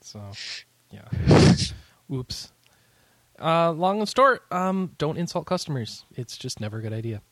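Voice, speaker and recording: A man hosting a casual podcast, reacting with incredulous questions and quick comments. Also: on the high side, sing-song, a bit bright, no room sound. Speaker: podcast host.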